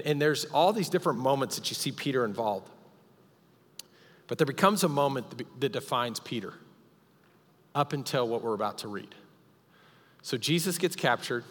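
A male pastor delivers a sermon at a live church service, retelling a story with dramatic emphasis and insistent repetition. His voice sits at a middle pitch. It trails off into the long reverb of a church hall. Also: fairly bright tone.

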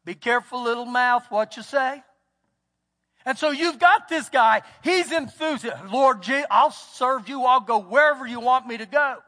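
High-voiced Texan pastor preaching. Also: male voice, moderate pace, sharp tone. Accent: Texas. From United States. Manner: folksy storytelling, acts out quotes. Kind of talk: sermon. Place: church sanctuary. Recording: church hall with long reverb.

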